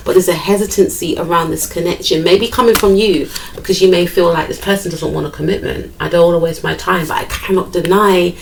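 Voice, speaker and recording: A woman's voice: lowish voice, distant mic, a little hiss or hum, rough recording. A woman giving a chatty tarot card reading, thinking aloud and repeating her phrases. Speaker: tarot reader.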